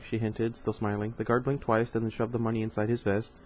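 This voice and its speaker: A man's voice: lowish voice, level tone, a little fast, darkish tone, a little hiss or hum, low-quality recording. A man reading a novel aloud in an informal way, with casual asides and stumbles over hard words. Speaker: reader.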